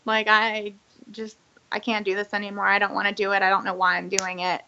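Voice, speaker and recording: A woman's voice: medium pitch, monotone, a little fast, sharp tone, smooth, highs cut off. A young woman in her twenties, a former business owner, telling her story in a candid interview, rambling with many "like"s and "you know"s and acting out what people said. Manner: rambling, frequent "like" and "you know", acts out quoted lines.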